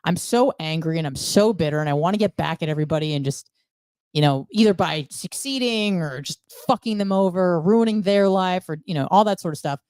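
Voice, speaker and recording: A woman's voice: lowish voice, brisk, darkish tone, clean tone, no room sound. A woman guest on a podcast, telling her story bluntly with frequent swearing. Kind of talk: candid conversational storytelling.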